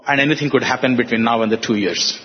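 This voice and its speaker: An older man with an Indian English accent telling a personal story to an audience, halting, with fillers and restarts. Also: mid-range voice. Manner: halting, with frequent fillers and restarts, voicing others in quotes. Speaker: speaker giving a personal testimony. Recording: dull, echoey hall sound.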